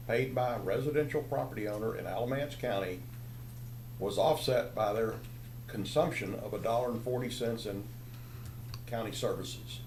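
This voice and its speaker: A man on the county commission making a measured case with figures at a public meeting. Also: medium pitch, a little mellow, a little hiss or hum. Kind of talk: policy argument at a public meeting. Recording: echoey meeting chamber.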